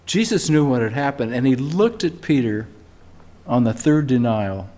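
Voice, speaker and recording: A man's voice: mid-range voice, a little mellow. Older male pastor telling a story from the pulpit. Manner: conversational storytelling, emphatic rises on key words. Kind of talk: sermon. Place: church sanctuary.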